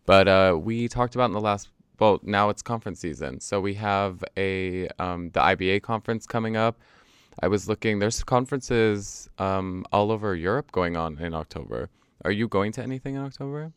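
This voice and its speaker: A man's voice: fairly low pitch, moderate pace, clear, resonant tone, dry recording, studio quality. A man co-hosting a podcast, joking lightly and steering the talk from one topic to the next. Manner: joking, upbeat, leads the topics. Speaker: podcast co-host. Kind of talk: casual podcast chat.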